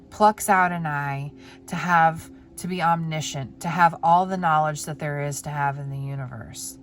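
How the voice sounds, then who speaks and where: A woman giving a pick-a-card tarot reading in a gentle, heartfelt way. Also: fairly low pitch. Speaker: tarot reader.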